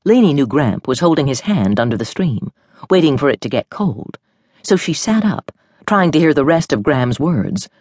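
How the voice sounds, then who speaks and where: Breathy, expressive woman narrator. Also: low-pitched, dry recording, studio quality. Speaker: audiobook narrator. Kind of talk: scripted audiobook narration.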